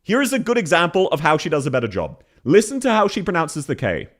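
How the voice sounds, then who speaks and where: Laughing Australian man with a lively voice. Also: a little high, fast talker. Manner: blunt, laughs often, swears freely. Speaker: streamer reviewing voice acting. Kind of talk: casual reaction commentary.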